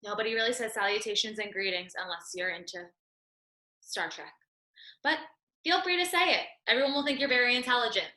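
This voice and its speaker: A woman's voice: on the high side, animated, brisk, bright, forceful tone, reverberant, recorded from a distance, rough recording. A woman teaching an English class, explaining patiently and reassuringly step by step. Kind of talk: online class lesson.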